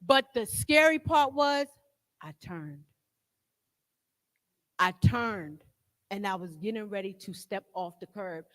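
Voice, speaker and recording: A woman's voice: medium pitch, expressive, slow, long pauses, a bit bright. A woman giving a live recovery testimony in a jail, frank and streetwise, telling her story with profanity. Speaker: guest speaker in recovery. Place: jail hall. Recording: long hall reverb.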